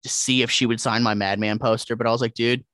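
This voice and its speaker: A man telling animated, profanity-laced stories as a podcast guest in casual chat. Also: mid-range voice, fast talker, dry recording, studio quality. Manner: profane, animated, acts out quotes.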